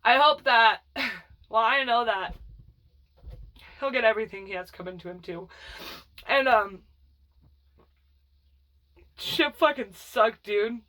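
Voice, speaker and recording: High-voiced woman, blunt and profane. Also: slow pace, pauses often, pushed and bright. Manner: blunt and profane, rambling with fillers. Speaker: vlogger telling her life story. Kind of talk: casual personal storytelling.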